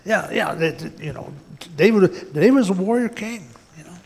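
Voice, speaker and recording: A man's voice: high voice, animated, normal speed, creaky, darkish tone, long reverb tail. A man preaching a sermon as pastor, folksy and plain-spoken, often repeating words and tossing in "man". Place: church sanctuary.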